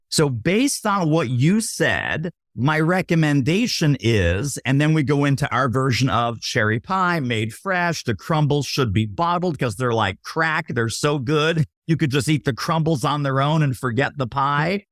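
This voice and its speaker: A man talks sales on a podcast with a lively, swooping delivery. He acts out little scenes of buyers and waiters and keeps checking in with "right?" The sound is close and dry. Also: on the high side, a little slow, few pauses, no room sound. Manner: punchy teaching tone, often tags lines with "right?". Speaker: podcast guest, sales expert. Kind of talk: casual interview talk.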